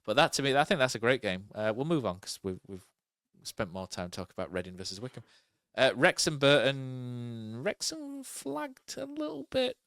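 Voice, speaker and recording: A man's voice: medium pitch, lively intonation, moderate pace, a bit bright, clean tone, no room sound, clean studio sound. A man co-hosting a podcast, chatting casually about football and thinking aloud with many fillers and tag questions. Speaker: podcast co-host.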